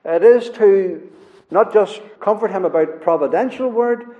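A man preaching a sermon in an earnest, emphatic way, his phrases often falling soft at the end. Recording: echoey hall, dull low-fi sound.

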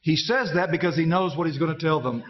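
A man preaching a sermon in short phrases, pausing for an interpreter and pleading as he quotes scripture. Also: a little high. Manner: pauses for interpreter, pleading when quoting scripture. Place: large conference hall. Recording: dull muffled sound, long reverb in a hall.

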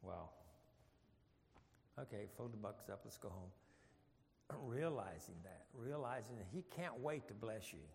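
A man's voice: on the low side, lively intonation, measured pace, vocal fry, pauses often, a little mellow, in a large hall, a little hiss or hum. A man leading an informal Bible study, folksy and joking, with rambling asides.

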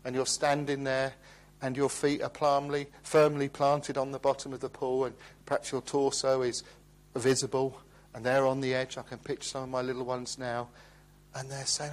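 A middle-aged man preaching a sermon, earnest and gently pleading, slowing down as he reads scripture. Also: medium pitch, level tone.

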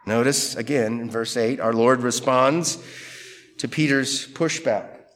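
A man preaching an expository sermon in a conversational, animated way, acting out quotes from scripture figures. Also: mid-range voice, a little slow. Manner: conversational, animated quoting of Peter and Jesus. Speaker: pastor.

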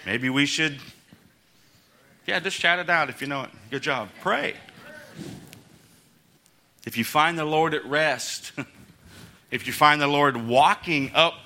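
A man's voice: on the high side, bright, forceful tone, a little hiss or hum. A man preaching a casual, conversational sermon as pastor, chuckling between points and acting out the quotes in his story.

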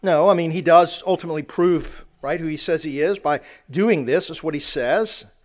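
A man's voice: on the high side, normal speed. A man preaching a sermon, earnest, often repeating words and restarting phrases as he builds a point.

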